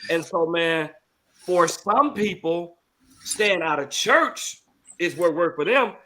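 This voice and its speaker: A man's voice: on the high side, expressive, takes it slowly, bright, forceful tone. A middle-aged man, a pastor hosting the show, talking earnestly and repeating phrases for emphasis. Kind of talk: emotional talk-show testimony.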